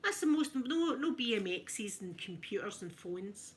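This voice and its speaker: A Scottish woman chatting casually to her live viewers while ironing, in a soft, emotional, friendly way. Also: mid-range voice, very animated, unhurried, slight background noise. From Scotland. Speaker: ASMR streamer.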